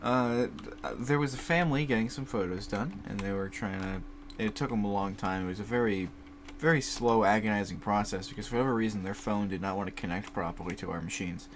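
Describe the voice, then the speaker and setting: There's a little hiss or hum behind this young man's low-leaning voice as he talks fairly quickly. In his twenties, he hosts a rambling solo podcast at his home computer setup, laughing often and swearing casually into a desk mic mounted higher and farther from the computer.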